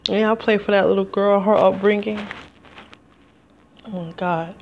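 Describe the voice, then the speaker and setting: A woman's voice: mid-range voice, fairly even intonation, a little slow, a little mellow. A woman talks straight to her listeners in a heartfelt, rambling solo podcast. Her voice sits in a middle range for a woman. The home recording is slightly dull and lo-fi, with faint noise underneath. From United States. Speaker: podcast host. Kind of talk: emotional solo podcast monologue.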